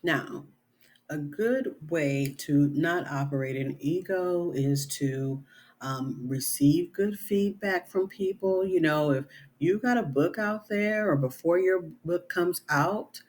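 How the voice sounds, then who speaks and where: A woman's voice: low-pitched, takes it slowly, darkish tone. A middle-aged woman author talking in a casual vlog, earnest and conversational, often adding "you know" and "right?".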